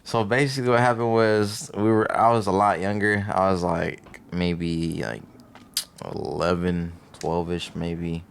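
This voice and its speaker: A man's voice: low-pitched, level tone, a little slow, gravelly, clean tone. A young man telling a story in a hesitant, rambling way as a podcast co-host. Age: young adult. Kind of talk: casual chat.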